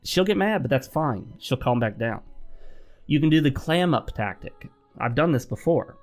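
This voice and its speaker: A man hosting a gameplay vlog, giving advice in a calm, instructive tone. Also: mid-range voice, moderate pace, soft background music. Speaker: gaming channel host. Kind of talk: advice talk over gameplay.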